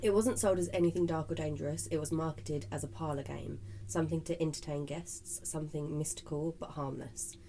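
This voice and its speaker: A woman with a low voice co-hosts a paranormal podcast, reading a scripted spooky story. Faint background hiss sits under her voice. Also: fairly even intonation, fairly quick, creaky, few pauses, dark tone, poor audio. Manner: reads a spooky script, laughs often with co-host. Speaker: podcast co-host. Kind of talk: casual chat and scripted narration.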